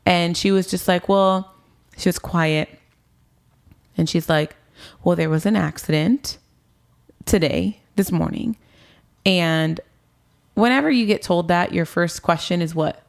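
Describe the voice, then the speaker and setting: A woman in her twenties tells an interviewer her personal story in a relaxed way, sprinkling in plenty of "like" and "um" and acting out what people said to her. Her voice is fairly low, and she speaks at a measured pace with long pauses.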